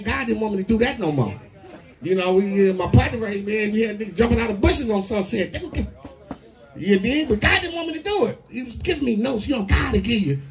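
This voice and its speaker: A man doing a crude, rowdy stand-up set full of loud character bits. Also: very high voice. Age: 40s. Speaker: stand-up comedian. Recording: live club mic, distant with crowd noise.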